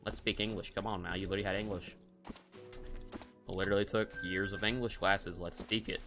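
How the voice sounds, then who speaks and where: A man's voice: low-pitched, steady tone, a little fast, a bit bright, soft background music. A man streaming a hunting game, giving casual, rambling commentary and cracking jokes as he thinks aloud.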